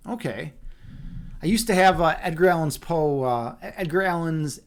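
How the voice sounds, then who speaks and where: Rambling high-voiced male streamer. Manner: rambling, repeats words, answers chat. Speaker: livestreamer. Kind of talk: casual livestream chat and reading aloud.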